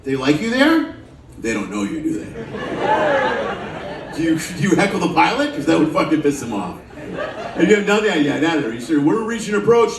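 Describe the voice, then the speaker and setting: A man's voice: a little high, big pitch swings, moderate pace, gravelly, long pauses, echoey room, far from the mic, crowd noise. A man doing stand-up comedy in a show lounge, loose and profane, teasing the audience between jokes. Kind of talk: stand-up comedy with crowd work. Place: cruise ship show lounge with a live audience. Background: audience laughter.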